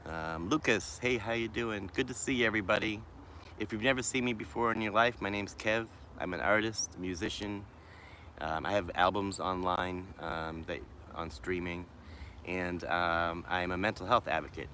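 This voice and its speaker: This vlogger's voice sits low but sounds bright and forceful, with fairly even intonation and slight background noise. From a shady wooded park in the city, the faintly Boston-accented man muses unhurriedly on a casual livestream, answering comments and often trailing off before starting over.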